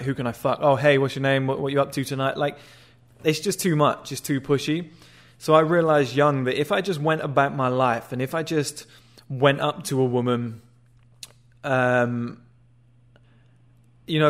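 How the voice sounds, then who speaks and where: Blunt, crude man giving dating advice. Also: medium pitch. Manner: blunt, crude, conversational, acts out short greetings. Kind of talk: casual advice monologue.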